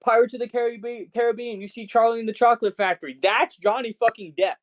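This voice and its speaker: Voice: medium pitch, fairly even intonation, fast, lo-fi sound. A podcast co-host ranting in casual chat, swearing constantly and sounding incredulous.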